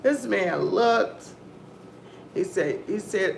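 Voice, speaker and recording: A woman hosting a casual commentary stream, telling stories in a rambling, profane, animated way. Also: mid-range voice, measured pace. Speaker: host of a news-and-commentary stream. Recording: echoey room, faint background noise.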